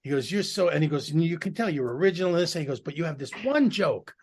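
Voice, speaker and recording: A man's voice: on the high side, expressive, fast, a little mellow, husky. A man and stand-up comedian telling frank, rambling stories in casual chat. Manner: rambling, frank, salty storyteller.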